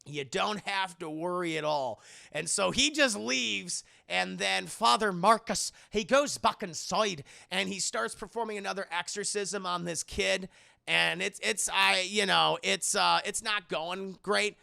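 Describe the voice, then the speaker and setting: Young male streamer, high voice with lots of vocal fry, chatty and foul-mouthed, talking straight to his chat. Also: a little slow, bright, forceful tone. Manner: chatty and profane, keeps addressing the chat. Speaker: TV show reviewer streaming live. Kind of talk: casual live-stream recap.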